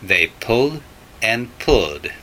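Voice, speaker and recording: A man reading a children's story aloud for language learners in slow, deliberate, clearly spaced phrases. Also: fairly low pitch, very animated, pushed and bright, a little hiss or hum. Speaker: English story reader for learners.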